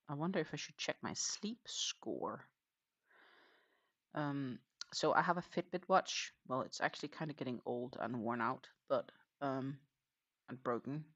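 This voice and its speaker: A crochet livestream host chatting casually while working, rambling with lots of hesitations and quietly counting stitches. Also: mid-range voice. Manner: rambling and hesitant, many fillers, counts stitches under breath.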